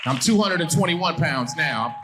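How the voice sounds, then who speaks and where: A middle-aged man from Hawaii performing animated stand-up on a comedy stage, shouting his punchlines. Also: on the high side, moderate pace. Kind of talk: stand-up routine. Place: comedy stage before a live audience. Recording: live show with loud crowd.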